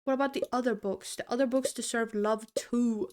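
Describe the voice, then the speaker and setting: High-voiced chatty woman streamer. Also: steady tone, moderate pace, hardly any pauses, darkish tone. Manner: chatty, talks to chat, rambling asides, giggly. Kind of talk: casual live-stream gameplay chat.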